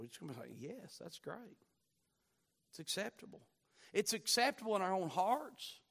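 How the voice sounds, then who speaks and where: A man delivers a sermon in a high, bright-edged voice. He swings between hushed, intimate asides and fervent climaxes, drawing out key words for emphasis. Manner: impassioned, surging from quiet to near-shouting. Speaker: pastor.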